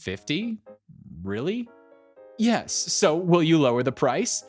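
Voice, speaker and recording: A man voicing a patient, polite woman baker who stays calm and firm, with background music. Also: a little high, slow pace, voice pushed up, exaggerated voice.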